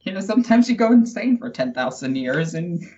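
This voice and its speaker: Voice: medium pitch, sing-song, a little fast, warm tone. Sarcastic New Yorker on a muffled line. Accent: New York. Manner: sarcastic, mock-dramatic. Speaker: podcast host. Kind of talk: casual podcast chat.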